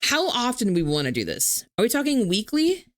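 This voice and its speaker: A young woman streamer talking casually to her viewers from home. She laughs easily and swears without thinking twice, her pitch leaping around as she goes. The sound is dry and close, with no room echo. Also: huge pitch swings, normal speed.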